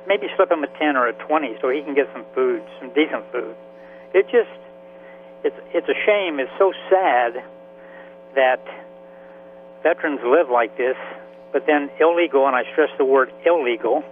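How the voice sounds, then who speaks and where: A man in his seventies, a veteran and author, telling his story in a halting, emotional way with many restarts. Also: medium pitch. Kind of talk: radio interview by phone. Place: Florida. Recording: tinny phone line with faint hiss.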